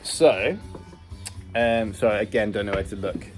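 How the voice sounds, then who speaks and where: Inside a bus he's converting, a man from the United Kingdom casually narrates a build vlog, rambling along in a plain-spoken, self-deprecating way. His voice is fairly low and measured, with soft music in the background.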